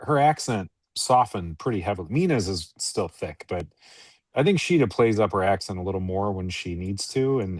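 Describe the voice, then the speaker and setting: A man with a low, husky voice offers thoughtful commentary in a casual round-table chat. His pitch rises and falls in a lively way, and the sound is dry and close. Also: dry recording. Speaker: panelist.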